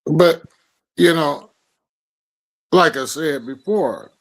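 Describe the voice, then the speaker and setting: A man co-hosting a morning show, talking in loud, profane, teasing banter. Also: fairly high pitch, extremely slow, rough recording. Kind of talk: casual banter.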